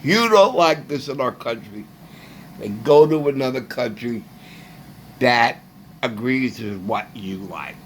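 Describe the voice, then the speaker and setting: Slow, animated man ranting. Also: mid-range voice, slight background noise. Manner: slow, emphatic ranting with long pauses. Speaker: vlogger. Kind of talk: casual monologue.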